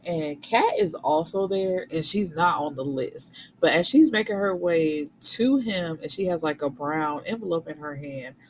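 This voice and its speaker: A woman's voice: fairly low pitch, big pitch swings, unhurried, few pauses, slight background noise, rough recording. A woman recapping a novel's plot in a casual, slangy way, swearing freely and acting out the characters. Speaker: book reviewer.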